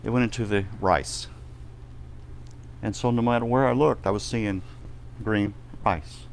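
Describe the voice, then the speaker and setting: A man giving a personal testimony in a ministry live stream, telling his story vividly and acting out the shouts and reactions of the people in it. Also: fairly low pitch, fairly even intonation, a little slow, vocal fry, a little hiss or hum.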